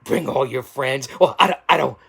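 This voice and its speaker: A man hosting a show, delivering a theatrical wrestling-style hype promo that swings from yelling to hushed threats. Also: mid-range voice, moderate pace, vocal fry, slightly rough. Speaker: show host.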